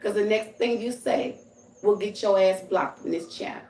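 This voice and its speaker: A woman's voice: mid-range voice, moderate pace, a little mellow, far from the mic, a little hiss or hum. A woman hosting a livestream, talking straight at her viewers in a blunt, profane, scolding rant. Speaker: livestream host. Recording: roomy echo.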